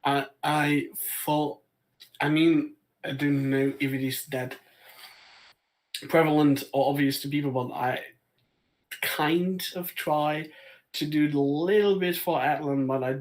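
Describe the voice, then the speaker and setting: A man's voice: fairly high pitch, fairly even intonation, measured pace, low-quality recording. A man playing in a tabletop game, chatting casually, hesitant, with stammered restarts and easy laughs. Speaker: player. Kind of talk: casual chat.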